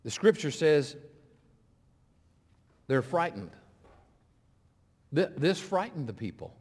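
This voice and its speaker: A middle-aged man, an interim pastor, preaching a sermon, swinging between loud, pressing appeals and hushed, slow retellings. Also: a little high, big pitch swings, slightly rough. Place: church sanctuary. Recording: long hall reverb.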